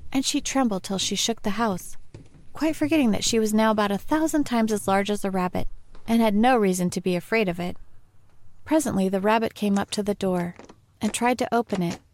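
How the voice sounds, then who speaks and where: A woman reading a storybook aloud in a measured, even way, with a voice of middle pitch for a woman. The recording is dry and close, with no room sound. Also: no room sound. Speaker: audiobook narrator. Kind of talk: scripted storybook narration.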